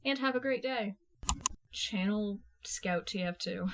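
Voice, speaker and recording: A woman reading fan fiction aloud in a casual, lively manner, swearing freely. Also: mid-range voice, a little slow, noisy background. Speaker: podfic reader. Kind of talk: fan fiction audiobook narration.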